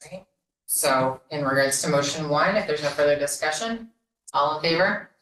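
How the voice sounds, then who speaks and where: A woman chairing a public board meeting, brisk and procedural as she moves through motions and votes. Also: low voice, fairly bright tone. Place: school board meeting room. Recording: roomy hall audio with faint hiss.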